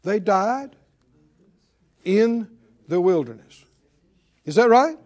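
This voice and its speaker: A man's voice: sits high, lively intonation, slow pace, a little mellow. A man preaching a sermon, firing rhetorical questions at his congregation. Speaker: pastor.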